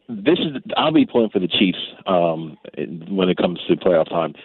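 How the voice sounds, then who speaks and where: Male caller, low voice, phone-line sound, hesitant and rambling. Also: no room sound. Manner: halting, many ums and restarts. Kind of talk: casual sports talk on a phone line.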